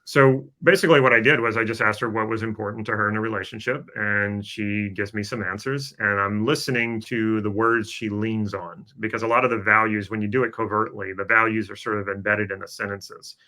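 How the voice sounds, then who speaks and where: A man's voice: fairly low pitch, fairly even intonation, a little fast, few pauses, sharp tone. A man co-hosting a podcast, explaining with a coaching tone and frequent fillers. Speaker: podcast co-host. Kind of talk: casual podcast chat.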